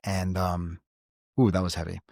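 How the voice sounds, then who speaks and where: A man's voice: deep voice, little pitch movement, moderate pace, creaky, a little mellow, no echo, clean studio sound. A middle-aged man hosting a podcast, giving earnest parenting advice in casual chat and telling stories with quoted voices. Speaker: podcast host.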